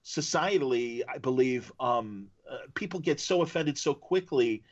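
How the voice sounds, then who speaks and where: A man from Chicago hosting a podcast, chatting casually and telling stories with lively slips into impressions. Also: mid-range voice, normal speed, lo-fi sound. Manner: animated storyteller who slips into impressions. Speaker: podcast host. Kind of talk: casual chat.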